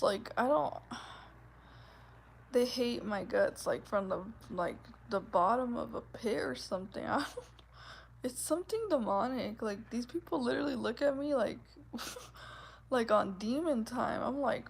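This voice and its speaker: Soft-voiced, giggly young woman with a gravelly edge. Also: a little high, unhurried, pauses often, a little hiss or hum. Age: 20s. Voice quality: soft, gentle voice. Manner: chatty, giggly, fills speech with "like". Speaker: vlogger chatting with viewers. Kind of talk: casual livestream chat.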